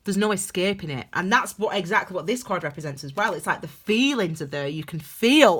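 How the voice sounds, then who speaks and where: A woman's voice: fairly low pitch, lively intonation, a little fast, hardly any pauses, fairly bright tone, husky. A woman giving a casual spoken tarot reading to camera, talking emphatically and rambling with many restarts. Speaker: tarot reader.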